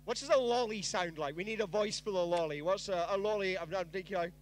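A man's voice: sits high, quick pace, hardly any pauses, soft background music. A man performing a playful, hammy comic reading of a story on a festival stage, ad-libbing as he goes. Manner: playful, hammy, switching voices.

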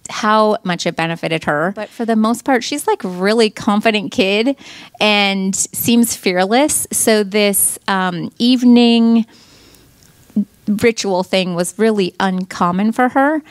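A middle-aged woman recounts a personal testimonial as a mother, in an earnest and halting way that doubles back and restarts its sentences. Her voice sits at an ordinary middle pitch for a woman. The recording is dry, with no room echo.

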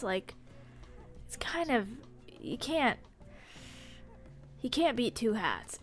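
A playful woman with a high voice chats through a live game stream in an unhurried way. She giggles easily and slips into silly voices for the characters, with soft game music behind her. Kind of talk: live gameplay commentary.

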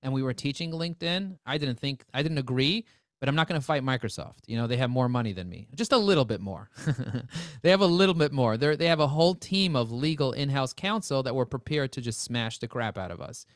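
A man presenting a live webinar, talking in energetic, joking sales patter. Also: mid-range voice, a little fast, dry recording, studio quality.

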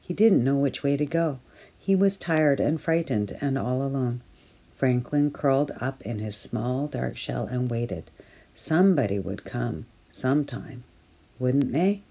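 A woman reading a children's picture book aloud for storytime, gently and clearly. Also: rumbling low. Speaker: storytime reader at early years centre.

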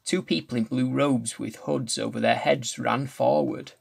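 Gravelly-voiced man reading a story. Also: medium pitch, steady tone, unhurried. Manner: restarts and corrects slips while reading. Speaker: reader. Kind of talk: reading a novel aloud.

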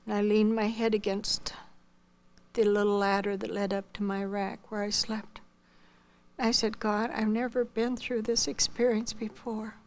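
A woman's voice: mid-range voice, level tone, unhurried, a little mellow. A woman giving a spoken missionary testimony, telling her story earnestly and quoting the dialogue.

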